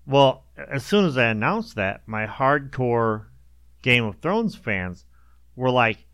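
A man hosting a casual chat, telling crude, animated jokes. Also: mid-range voice, slow pace, smooth, dry recording.

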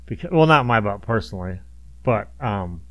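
Middle-aged male co-host, easy laughter, relaxed storytelling, dry close recording. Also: fairly low pitch, moderate pace, no room sound. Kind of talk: casual chat.

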